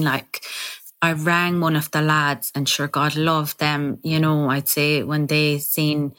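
Low-voiced Irish woman telling her story. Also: level tone, takes it slowly, a bit bright. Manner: candid, chatty, acts out quoted speech. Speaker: podcast host telling her own story. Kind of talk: personal storytelling in an interview.

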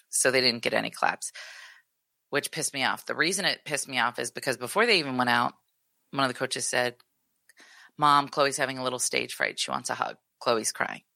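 A woman's voice: a bass voice, gravelly, dry recording. A woman in her thirties co-hosting a podcast, telling a story in casual chat and acting out what people said. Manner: animated storytelling, acts out quotes. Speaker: podcast co-host.

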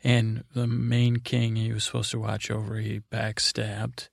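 A man hosting a sleep podcast, rambling through a meandering recap with offhand quick impressions of characters. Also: fairly low pitch, monotone, gravelly, dry recording, studio quality. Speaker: podcast host.

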